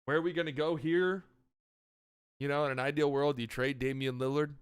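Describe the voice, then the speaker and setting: A man hosting a casual online mock draft, trading mumbled asides with loud mock-announcer calls. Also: on the high side, steady tone, fairly quick, smooth. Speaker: host running a community mock draft. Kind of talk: casual livestream chat with mock announcer bits.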